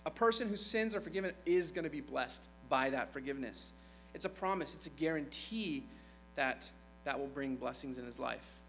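A man delivers a sermon in a relaxed, conversational way, bringing scripture to life with quick asides. His voice sits a little high for a man. Faint music and a low mains hum run underneath. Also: poor audio. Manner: conversational, animated retelling with asides. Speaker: preacher.

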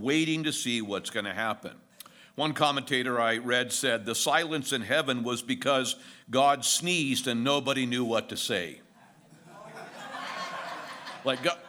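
A man's voice: mid-range voice, bright, forceful tone. A middle-aged male pastor giving an expository sermon in a conversational way, mixing jokes and stories into the teaching.

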